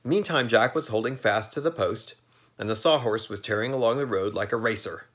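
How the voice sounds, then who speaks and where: A man reading a children's storybook aloud in a lively, expressive way. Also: fairly low pitch, fairly quick. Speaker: narrator.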